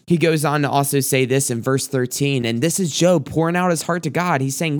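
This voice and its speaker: A man's voice: medium pitch, fairly even intonation, normal speed, hardly any pauses, no echo, clean studio sound. A man preaching an earnest sermon, sometimes repeating words as he speeds up.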